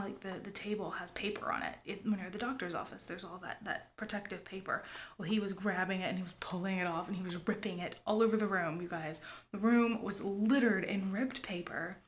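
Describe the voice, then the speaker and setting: In a confessional vlog, a family vlogger talks to her audience in a brisk, mid-range voice with fairly even intonation. She rambles confidingly, sprinkling in "like" and "you guys" and frequently slipping into a whisper, over slight background noise.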